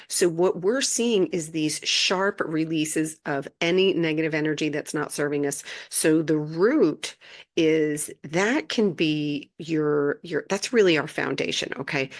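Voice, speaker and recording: A woman hosting a casual spiritual energy update, gentle and reassuring, laughing now and then. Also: fairly low pitch. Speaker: spiritual channel host.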